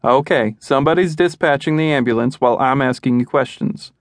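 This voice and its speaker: A man voicing a calm female emergency dispatcher asking steady questions. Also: medium pitch, fairly quick, no echo, close to an everyday voice.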